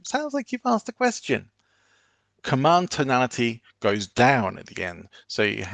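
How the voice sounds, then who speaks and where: A man presents an online business seminar, speaking in a steady, instructive manner. His voice has a gravelly texture in a middle register, and the sound is dry and close, with no room around it. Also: medium pitch, no room sound. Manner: instructive, measured, deliberate.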